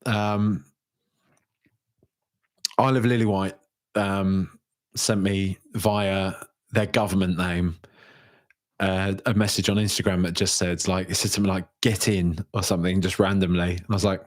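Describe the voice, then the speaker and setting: Young male podcast host, casual and rambling, slightly low voice, reads viewer comments aloud. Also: fairly even intonation, moderate pace. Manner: chatty, rambling, frequent fillers and restarts. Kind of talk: casual solo podcast, reading viewer messages.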